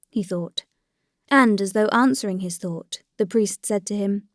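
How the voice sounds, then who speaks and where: Woman, audiobook narrator, measured storytelling, medium pitch, dead dry recording. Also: dry recording. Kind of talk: scripted narration.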